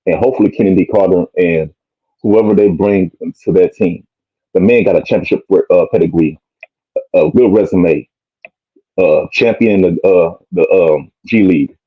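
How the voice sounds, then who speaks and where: Deep husky blunt-talking man. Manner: blunt, plain-spoken, hesitant fillers. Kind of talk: casual livestream chat. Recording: muffled lo-fi stream audio.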